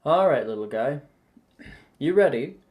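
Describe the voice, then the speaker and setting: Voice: mid-range voice, animated, a little slow, darkish tone. A game master narrating a tabletop role-playing game in an easygoing, chatty way. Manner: easygoing, chatty, laughs often.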